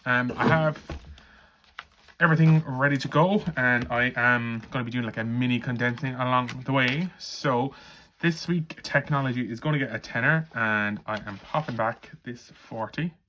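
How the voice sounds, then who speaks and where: A man's voice: mid-range voice, moderate pace, sharp tone, slight background noise. A man chatting casually to camera as a budgeting vlogger, rambling with lots of fillers and restarts.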